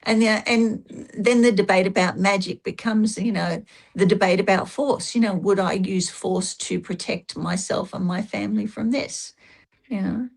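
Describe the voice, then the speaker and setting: A woman's voice: medium pitch, fairly even intonation, moderate pace, vocal fry. A woman interviewed as a guest, talking casually and giving emphatic, anecdotal advice.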